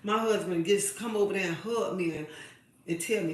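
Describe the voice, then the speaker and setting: A woman's voice: on the low side, moderate pace, recorded from a distance. A woman hosting a live stream and giving women emphatic, preachy advice, repeating her phrases for weight. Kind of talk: impassioned advice monologue to women. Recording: very echoey room, away from the mic.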